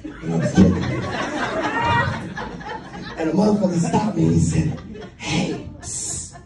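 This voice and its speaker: A high-pitched man in his fifties from the US East Coast working a stand-up crowd with loose, profane, laughing tales. He sounds set back from the microphone in a roomy, echoing club, with a lively audience clearly heard behind him. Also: moderate pace, distant mic, background noise. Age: 50s. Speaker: stand-up comedian. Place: live comedy club with audience. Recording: roomy live stage mic, crowd.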